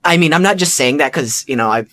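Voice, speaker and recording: Man casually telling an animated story. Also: on the high side, fast talker. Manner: animated storyteller who acts out his own thoughts; frequent "like" and "you know" fillers. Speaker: podcast host.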